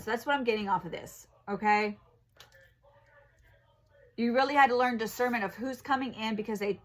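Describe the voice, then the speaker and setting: A young woman tarot reader giving a casual spiritual reading, blunt and full of swearing, who gets heated. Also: mid-range voice. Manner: blunt and profane, grows heated and angry.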